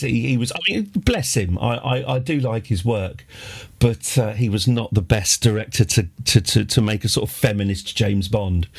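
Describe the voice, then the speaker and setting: A man's voice: mid-range voice, gravelly, slightly rough. Rambling, wry male streamer. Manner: rambling, many restarts and fillers, wry. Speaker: game streamer. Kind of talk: casual live-stream chat.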